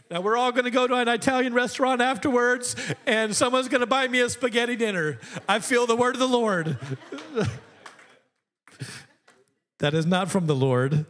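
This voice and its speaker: A preacher with a high, light voice tells a story from the pulpit. He moves between humor and fervent exhortation, addressing the congregation as brothers and sisters. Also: moderate pace, pauses often, a bit bright. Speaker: pastor. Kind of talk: sermon.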